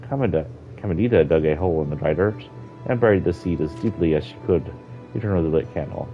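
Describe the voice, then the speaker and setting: A man's voice: deep voice, quick pace. A man streaming a game, reading an in-game book aloud casually, with slips and self-corrections. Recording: dull lo-fi stream audio with faint music.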